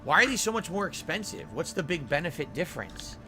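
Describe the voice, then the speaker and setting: Man, game streamer, slightly high voice, thinks aloud, game music behind. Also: very animated, fast, bright, forceful tone, husky. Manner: thinks aloud, reads out tips. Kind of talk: live gameplay stream chat.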